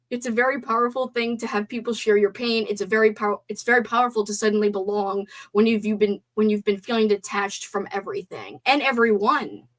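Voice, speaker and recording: A young woman hosting a casual live stream movie talk, animated, swearing and gasping as she reads out chat comments. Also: fairly high pitch.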